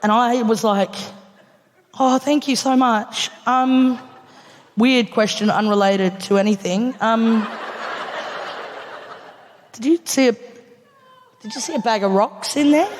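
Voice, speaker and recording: A woman's voice: on the high side, slow pace, pauses often, background noise. An Australian woman comedian telling a story on stage, laughing through her punchlines and acting out other people's lines. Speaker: stand-up comedian. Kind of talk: live stand-up storytelling. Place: large theatre stage before a live audience. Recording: live theatre with long reverb.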